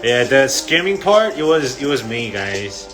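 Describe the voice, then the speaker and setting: Music plays behind a young man livestreaming from his phone, his mid-range voice very animated at a measured pace. He rambles through stories for his fans, laughing often and leaning heavily on "like."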